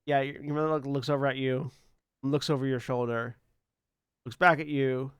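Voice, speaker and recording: A man running a tabletop game as game master, narrating loosely with halting pauses and bursts of laughter. His voice is smooth and clear. The sound is dry, with no room echo. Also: medium pitch, fairly even intonation.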